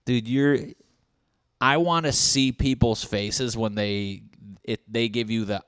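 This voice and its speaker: A man's voice: medium pitch, steady tone, measured pace, fairly bright tone, no room sound, studio quality. A young man hosting his own podcast, rambling and riffing with plenty of swearing and acted-out bits of dialogue. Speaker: podcast host. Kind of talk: solo podcast rant.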